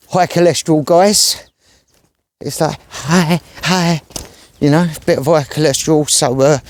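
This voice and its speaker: A man's voice: mid-range voice, darkish tone. A man chatting casually and rambling in slang while filming himself on an outdoor country walk. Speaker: vlogger. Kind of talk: casual outdoor vlog chat.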